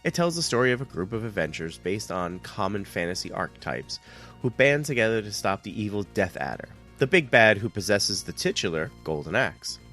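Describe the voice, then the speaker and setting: A man's voice: fairly low pitch, expressive, fairly quick, a bit bright. A man co-hosting a video game music podcast, stuffed up with a cold, with a dry sense of humor. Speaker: podcast co-host. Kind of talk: casual chat.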